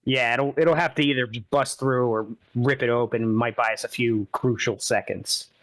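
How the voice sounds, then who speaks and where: A man's voice: medium pitch, steady tone, moderate pace, fairly bright tone, no echo. A man playing a tabletop game, chatting casually and teasing the others.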